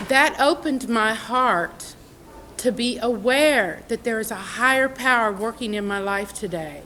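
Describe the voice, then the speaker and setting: A woman's voice: fairly high pitch, a little slow, a bit bright, slight background noise, rough recording. A middle-aged woman giving a personal recovery testimony as a convention speaker, heartfelt and conversational, with many fillers. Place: convention meeting room.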